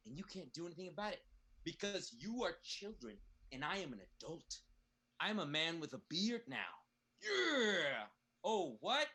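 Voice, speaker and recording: A man's voice: fairly high pitch, animated, a little fast, bright, forceful tone, husky, heavily acted. An actor playing a crude, boastful young male bully who rambles and laughs at himself, in a comedic play reading.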